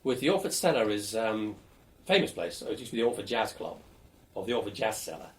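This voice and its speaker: Lively older man telling stories. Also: lowish voice, quick pace. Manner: lively storyteller, animated and blunt, swears casually. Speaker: interviewee. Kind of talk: oral history interview.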